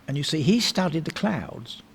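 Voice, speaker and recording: Old fella from sussex rambling through his memories, gravelly voice, faint hiss behind. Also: a little high, sing-song, moderate pace. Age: older. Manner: rambling anecdotal storyteller, meandering with restarts. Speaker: interviewee. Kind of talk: reminiscing in a casual interview.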